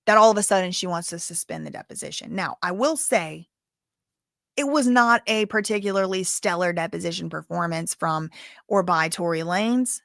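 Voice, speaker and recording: Woman, live-stream commentary host, conversational, explanatory, mid pitch, dry close sound. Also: fairly bright tone, dry recording. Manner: conversational and explanatory, with fillers and restarts. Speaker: legal commentary channel host.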